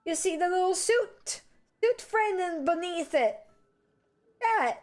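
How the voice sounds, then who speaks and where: A woman streamer, chatting casually with viewers and greeting them with excited squeals. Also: takes it slowly. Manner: bubbly, greets chat with high excited squeals. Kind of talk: casual live-stream chat.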